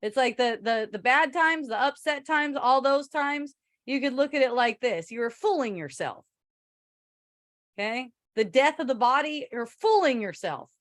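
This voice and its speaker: A woman's voice: high voice, animated, moderate pace, fairly bright tone, dry recording, clean studio sound. A woman spiritual teacher answering a listener in a rambling, chatty way, swearing casually and laughing often.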